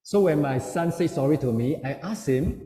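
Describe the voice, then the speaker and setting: A man's voice: fairly high pitch, animated, normal speed, dark tone, slight background noise. A middle-aged man giving a parenting seminar talk, telling stories and acting out the voices he quotes. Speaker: seminar speaker. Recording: echoey hall with long reverb.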